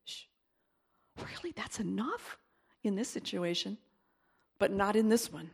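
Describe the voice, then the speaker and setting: A woman pastor preaching a sermon and leading prayer, emphatic, dropping to whispers and rising to loud exclaiming. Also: medium pitch, lively intonation, a little slow, vocal fry, husky.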